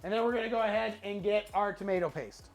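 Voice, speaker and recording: A woman's voice: mid-range voice, fast talker, soft background music. A woman hosting a casual cooking stream, playfully talking through each step as she cooks.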